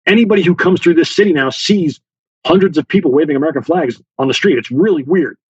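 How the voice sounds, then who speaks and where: A guest author, a former Special Forces officer, is interviewed and tells a story as an animated storyteller, using lots of fillers and acting out the dialogue. His voice is a little high, quick, and slightly breathy. The recording is dry, with the highs cut off.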